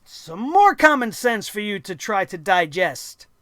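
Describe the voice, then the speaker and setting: A man's voice: high-pitched, sing-song, unhurried, fairly bright tone, dry recording, clean studio sound. A man hosting a wrestling review show, ranting bluntly and sarcastically with plenty of swearing.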